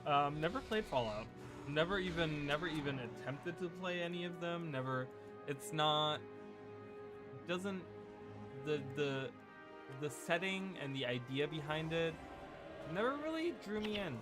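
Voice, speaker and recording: Unhurried and with lively intonation, a man with a slightly high voice rambles chattily over his video game play, frequently starting his sentences over. This gaming creator records on a USB desk mic while game music plays in the background.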